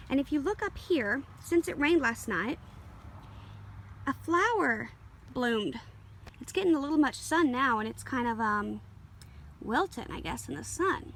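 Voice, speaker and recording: A woman with a somewhat high voice shows off her garden on a handheld camera. She rambles at an easy pace, full of ums and quick apologies. Faint open-air ambience hangs behind her voice. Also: a bit bright, a little hiss or hum. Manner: rambling, easygoing, full of fillers and small apologies. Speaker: garden vlogger. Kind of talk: casual garden tour. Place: outdoors in a home garden. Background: faint outdoor ambience, passing planes.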